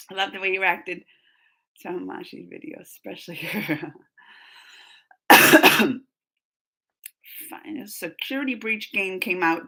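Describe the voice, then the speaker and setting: A woman's voice: high-pitched, vocal fry, bright, forceful tone, slightly rough, low-quality recording. A woman hosting a live stream, chatting casually and emotionally while reading viewer comments, laughing often.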